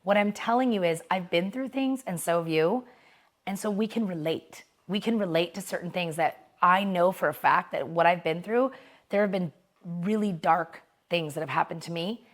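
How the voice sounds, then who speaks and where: A woman podcast host in a casual motivational monologue, her voice settled slightly low. She talks frankly and conversationally, swears now and then, and keeps checking in with "right?" as she goes. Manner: candid, conversational, mild swearing, frequent "right?" check-ins.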